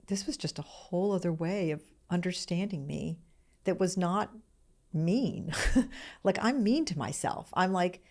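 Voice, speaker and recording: A woman's voice: lowish voice, lively intonation, a little slow, darkish tone. A woman in her sixties hosting a solo podcast, telling a personal story in a candid, emotional, self-searching way, close to tears at times. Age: 60s. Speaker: podcast host.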